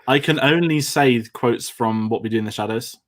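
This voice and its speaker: Man, quiz co-host, casual and self-deprecating, mid pitch. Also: normal speed. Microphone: headphones on.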